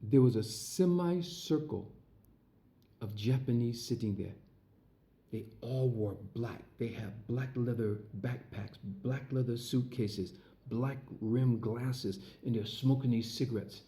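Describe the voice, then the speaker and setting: A man recounts an old personal story in loose, conversational speech, full of uhs and restarts. His voice is very dark and mellow. When he quotes people, he slips briefly into their voices. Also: mid-range voice, slow pace. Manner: frequent fillers and restarts. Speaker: entertainer recounting his past. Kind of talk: casual spoken anecdote.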